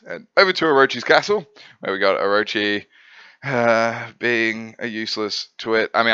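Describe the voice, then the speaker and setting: Man reviewing comics, rambling, low and bright, dull dry recording. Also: clean tone, no echo. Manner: rambling, filler-heavy, laughs at himself. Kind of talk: casual review chat.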